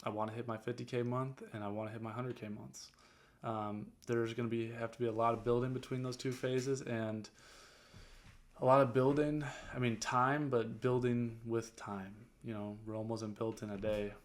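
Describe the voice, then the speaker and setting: A man's voice: mid-range voice, level tone, moderate pace. A young man talks casually in a vlog. He rambles through many fillers and restarts, explaining things to viewers like a coach. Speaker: detailing business owner.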